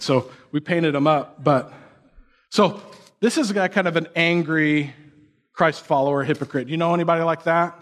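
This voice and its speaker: High-voiced man preaching casually. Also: a bit bright. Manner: conversational, uses quoted mock voices and rhetorical questions. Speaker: pastor. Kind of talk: sermon.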